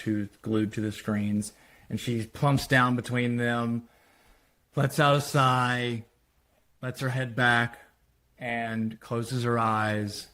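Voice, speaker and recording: A man's voice: medium pitch, a bit bright. A man, a screenwriter, casually talking through his screenplay treatment scene by scene, with loose phrasing and quoted dialogue.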